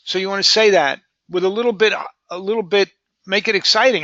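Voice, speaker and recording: A man coaching salespeople in a live training session, energetic and repetitive, often saying "boom". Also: quick pace, dry recording, highs cut off. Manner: energetic, repeats words, says "boom".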